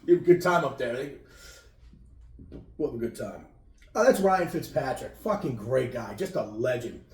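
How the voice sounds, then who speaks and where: A man's voice: mid-range voice, lively intonation, moderate pace, darkish tone. Casting: male podcast co-host, crude and rambling, roomy distant sound. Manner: rambling, crude, trails off and restarts. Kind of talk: casual banter.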